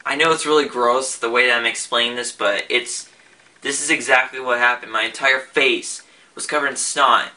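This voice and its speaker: A man's voice: medium pitch, fairly even intonation, normal speed, pushed and bright. A young man talking casually in a vlog, rambling with frequent restarts and fillers. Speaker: vlogger. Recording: voice a bit far from the mic.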